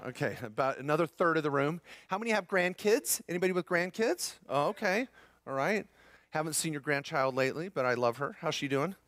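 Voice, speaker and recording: Middle-aged male seminar presenter, energetic and joking with the room, dry close-miked sound. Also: a little high, a little fast, no room sound. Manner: upbeat, jokey, addresses audience as guys. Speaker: seminar speaker on tax strategy. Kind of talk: live seminar talk to a room.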